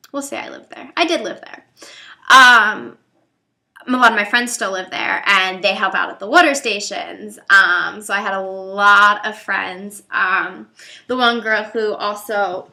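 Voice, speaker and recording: Bright-voiced young woman, rambling vlog talk. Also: mid-range voice. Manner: rambling, hesitant, heavy on fillers. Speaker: vlogger. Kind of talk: casual talk to camera.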